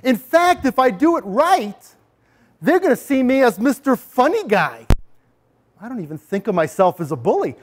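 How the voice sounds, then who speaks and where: A man's voice: very high-pitched, sing-song, normal speed, a little hiss or hum. A man giving a talk on bullying prevention to parents, animatedly speaking in the first person as a bully. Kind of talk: lecture with role-play.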